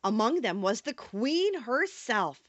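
A woman narrating a storybook audiobook in an expressive reading manner. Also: a little high, slow pace, no room sound.

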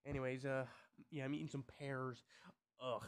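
A man's voice: medium pitch, level tone, normal speed, clean tone, no room sound. A young man talking casually to his subscribers, rambling, tripping over his words and swearing now and then. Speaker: YouTuber.

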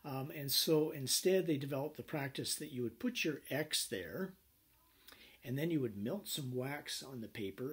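A man teaching a business law class, telling anecdotes in an animated way with many fillers. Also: medium pitch, breathy edge. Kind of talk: recorded lecture.

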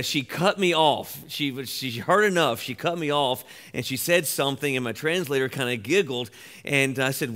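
Male pastor, average pitch, talking casually to the congregation in the church, anecdotal and unpolished. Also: fairly bright tone. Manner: conversational, storytelling with many fillers. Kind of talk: informal sermon remarks. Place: church sanctuary.

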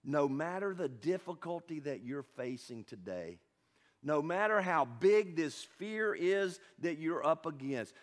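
Guy preaching in church, fairly high voice, goes from hushed to loud, keeps asking the room questions. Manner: calls questions out to the congregation. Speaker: pastor. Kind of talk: sermon. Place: church sanctuary.

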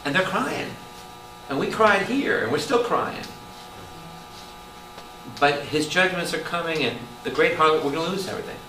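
A man, a priest, preaching a Bible study to a congregation, animated and calling out questions to the room. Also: fairly high pitch, normal speed, pauses often. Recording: roomy hall taped from a distance with noise.

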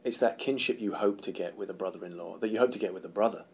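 A man with an English accent, an actor in a casual press interview, telling animated stories and laughing often. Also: lowish voice, fast, slight background noise. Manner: animated storyteller, laughs often, acts out quotes.

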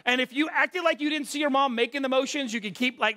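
A middle-aged male pastor with a fairly high voice, preaching in a relaxed, conversational way. He moves between earnest points and playful, self-mocking stories. The sound is dry and close, with no room echo. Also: quick pace, hardly any pauses. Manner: earnest, with joking asides and self-deprecating stories. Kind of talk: conversational sermon.

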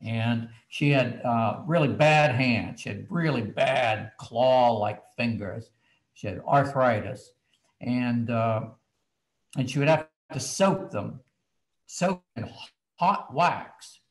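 A man, a children's book author, telling a story from his childhood in a casual, animated way. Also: medium pitch, takes it slowly, poor audio.

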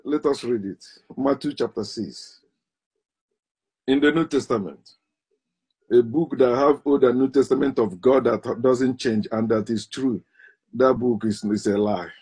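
A man giving a scornful monologue, often laughing and stressing words slowly. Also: mid-range voice, a little mellow, husky. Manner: scornful, laughs between points, drawn-out emphatic stresses. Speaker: online commentator. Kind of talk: mocking monologue.

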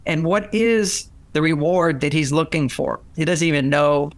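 An older man speaks as an interview guest, his voice sitting a little high for a man. He recounts personal stories with animation, slipping into the voices of the people he quotes and often restarting his sentences. The recording is close and dry, with no room sound. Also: normal speed, no room sound. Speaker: relationship author and guest. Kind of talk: conversational storytelling interview.

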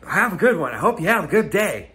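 A man's voice: high-pitched, big pitch swings, fast, bright, forceful tone, breathy edge. A man giving a comedic, rambling rant to unseen haters, full of rhetorical questions and swearing, recorded outdoors on a hike. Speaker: comedy vlogger.

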